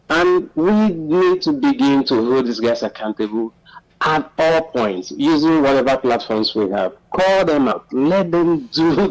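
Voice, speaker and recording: Male caller from Nigeria, passionate and emphatic, mid-pitch. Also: poor audio. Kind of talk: phone-in football commentary.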